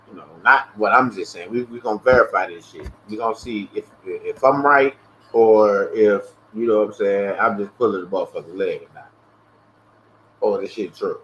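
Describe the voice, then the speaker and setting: A man hosting a casual livestream, ranting in an animated, profane way and acting out both sides of phone calls. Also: lowish voice, moderate pace. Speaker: livestream host. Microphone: earpiece or headset. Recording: dull lo-fi stream audio with faint hiss.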